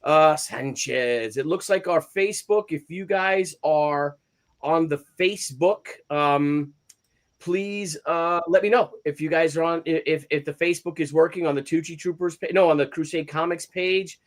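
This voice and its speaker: A man hosting a live stream in casual chat, greeting viewers by name in an animated, chatty way. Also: fairly high pitch, normal speed. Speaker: host of live comics stream.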